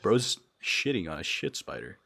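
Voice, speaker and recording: A man's voice: sits low, sing-song, moderate pace, vocal fry. Giggly, rambling young man streaming. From Brazil. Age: young adult. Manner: giggly, rambling, swings from mumbles to loud yelps. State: sleep deprived. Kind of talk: casual livestream chat.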